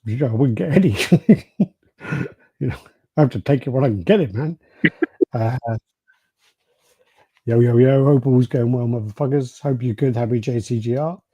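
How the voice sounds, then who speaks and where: British man, podcast co-host, casual storyteller, mellow voice, a bit husky. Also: medium pitch, moderate pace, pauses often, no echo. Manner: storytelling, swears freely, laughs often. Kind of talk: casual chat.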